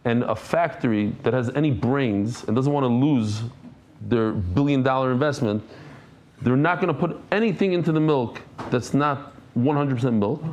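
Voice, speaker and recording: A middle-aged man teaching a Talmud class, telling stories in a casual, animated way and sprinkling in Yiddish and Hebrew terms. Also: a little high, a little hiss or hum. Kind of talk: casual storytelling lesson.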